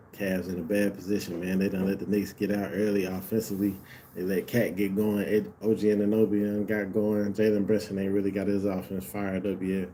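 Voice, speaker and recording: A man's voice: deep voice, warm tone, slight background noise. A man casually commenting on a live basketball game for his stream viewers, laid-back and slangy, talking straight to them.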